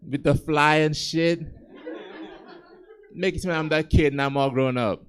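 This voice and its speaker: A man's voice: fairly high pitch, steady tone, normal speed. A young man from Gambia doing a laid-back, conversational stand-up set on a comedy club stage, chuckling at his own jokes into a handheld mic.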